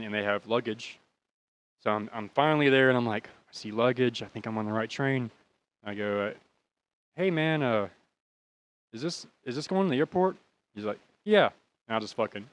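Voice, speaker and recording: An American podcast host in his thirties rambles casually through a profane story, laughing at his own bad luck. His voice is medium in pitch with a fairly bright tone.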